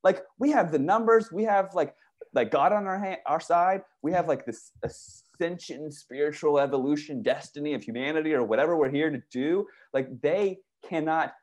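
A man talking casually and excitedly, rambling through stories with many restarts, swearing and saying "dude" and "bro". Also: fairly high pitch, moderate pace. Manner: profane, uses "dude" and "bro". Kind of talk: casual conversation.

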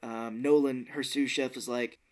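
Animated man recapping a movie. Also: medium pitch, measured pace. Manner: animated, acts out characters' lines in funny voices, swears casually. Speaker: podcast co-host. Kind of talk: casual movie recap chat.

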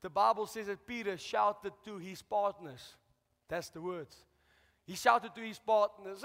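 High-voiced pastor preaching. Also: male voice, moderate pace, a faint crowd. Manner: preaching with rising shouts and call-outs to the congregation. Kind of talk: sermon. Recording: long hall reverb.

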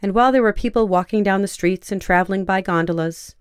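A woman narrating a fiction story in a measured, even storytelling way. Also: mid-range voice, clean tone, no echo, studio quality.

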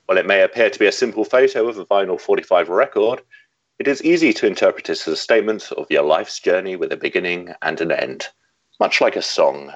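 A man's voice: deep voice, quick pace, no room sound, highs cut off. A man co-hosting a casual podcast, chatting about photos and reading a listener's email aloud with dry, wry asides. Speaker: podcast co-host.

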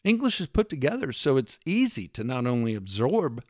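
Man for a sarcastic opinion monologue, lively swooping delivery, dry close sound. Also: mid-range voice, moderate pace, no room sound. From United States. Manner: emphatic, sarcastic, lecturing with rhetorical questions; mimics accents in quoted lines. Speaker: commentator.

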